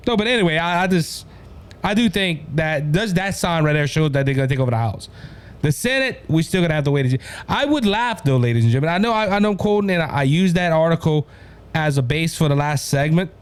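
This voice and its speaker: A man with a Louisiana Cajun accent hosting a political commentary show, talking in an animated way and often addressing his listeners as ladies and gentlemen. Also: a little high. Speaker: host.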